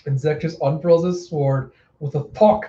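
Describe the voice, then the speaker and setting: Man reading manga aloud, casual, mellow; echoey room, dull lo-fi sound. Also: a little high, fairly even intonation, moderate pace. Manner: plain narration with a few slips. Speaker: reader. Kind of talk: casual manga readthrough narration.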